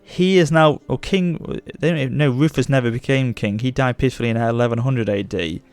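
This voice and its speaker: A young man commenting on his strategy game as a let's play host, gushing with excitement. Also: mid-range voice, fairly quick, clear, resonant tone, no room sound, faint music behind. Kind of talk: gameplay commentary.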